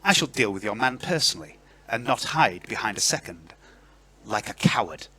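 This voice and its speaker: A man's voice: fairly low pitch, sing-song, normal speed, pushed and bright, breathy edge, full character voice. A man voicing a composed noblewoman who answers an insult with cool, cutting defiance.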